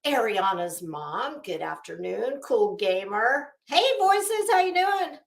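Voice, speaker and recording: A woman's voice: on the high side, very animated, takes it slowly, vocal fry. A woman hosting a casual livestream, chatty and rambling, greeting viewers by name. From Florida. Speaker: livestream host. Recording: echoey room.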